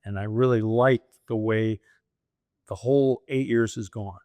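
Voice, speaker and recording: A man's voice: fairly low pitch, unhurried, no room sound. Middle-aged guy telling funny stories, keeps laughing, does the voices, dead dry mic. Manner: animated, laughs often, acts out quoted voices. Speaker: guest, franchise owner. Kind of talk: conversational storytelling.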